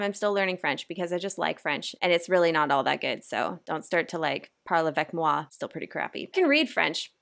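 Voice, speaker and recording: A woman's voice: on the low side, creaky, a bit bright. A woman from Canada, probably in her thirties, rambling casually through a vlog with lots of fillers and self-deprecating asides. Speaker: author vlogger.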